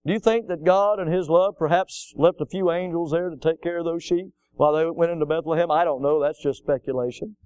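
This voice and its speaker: A middle-aged man preaching a sermon, his voice a little high and smoothly resonant. He drives his points home with rising emphasis and breaks into homey stories for the congregation. The sound is close and dry, with little room around it. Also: brisk, hardly any pauses, no room sound. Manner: emphatic preaching, rising to loud peaks, asking the congregation "Amen?"; folksy storytelling asides. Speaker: pastor.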